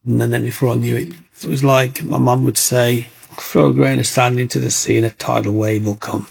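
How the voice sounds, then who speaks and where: A man's voice: mid-range voice, steady tone, moderate pace, creaky, a little mellow. A middle-aged man, telling his own story in an interview and acting out what other people said.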